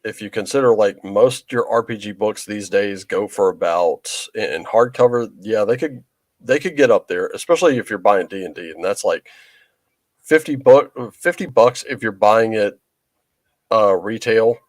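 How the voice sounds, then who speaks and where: A man's voice: lowish voice, lively intonation, normal speed, no echo. A man co-hosting a podcast, chatting casually, laughing often and swearing freely. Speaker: podcast co-host. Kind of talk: casual chat.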